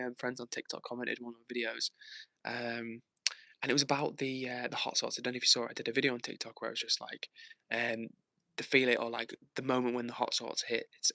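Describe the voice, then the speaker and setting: A male streamer talks at a brisk clip, reading viewer comments aloud and cracking jokes between them. His voice is bright and forward. The sound is dry and close, with no room echo. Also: mid-range voice. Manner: joking, playful. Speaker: livestreamer. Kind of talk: casual live-stream chat.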